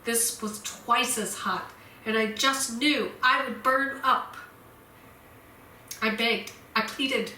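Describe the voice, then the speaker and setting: A woman minister delivering a sermon in a church, slow and deliberate, repeating her key points. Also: a little high, fairly even intonation, pushed and bright. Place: church sanctuary. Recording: roomy church echo.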